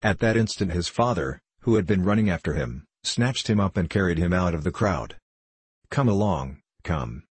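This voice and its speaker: A man narrating a classic novel in a measured, steady storytelling voice. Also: low-pitched, breathy edge, no echo. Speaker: audiobook narrator.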